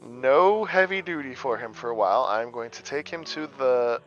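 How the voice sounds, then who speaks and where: A man voicing a gracious, quietly sinister elf princess who speaks softly and politely in a tabletop game. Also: medium pitch, moderate pace, lightly acted. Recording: dull lo-fi audio, faint music.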